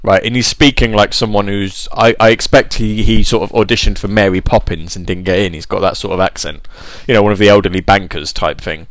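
A man's voice: fairly low pitch, fairly even intonation, a little fast, hardly any pauses, no echo. A man chatting casually, rambling and joking at his own expense. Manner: rambling, joking, self-deprecating. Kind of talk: casual chat.

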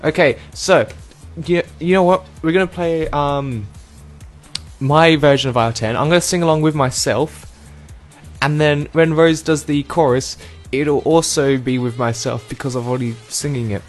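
A man hosting a casual online show, playful and rambling, with lots of ums and quick asides. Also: on the high side, soft background music. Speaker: host. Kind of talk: casual podcast chat.

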